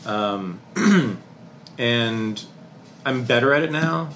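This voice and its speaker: A middle-aged man, a historian, telling his life story in a casual interview, candid and animated, swearing casually. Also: medium pitch, very slow, slight background noise.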